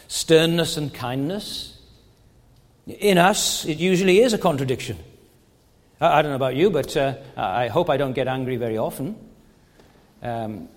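A man's voice: a little high, long reverb tail. A man preaching a sermon in an earnest way, asking rhetorical questions and often stammering and restarting his phrases.

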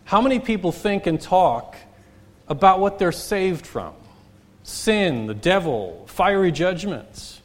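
A man delivers a sermon from the pulpit in a voice pitched a little high. He hammers his points by repeating key phrases. His delivery swings from loud, slow emphasis to quiet asides. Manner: preaching with wide swings in loudness and pace. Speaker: pastor.

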